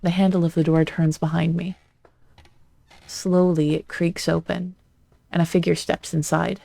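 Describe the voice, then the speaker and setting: A let's play streamer reading a visual novel aloud in an even, flat delivery, with short asides of their own. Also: medium pitch, measured pace, gravelly, no echo.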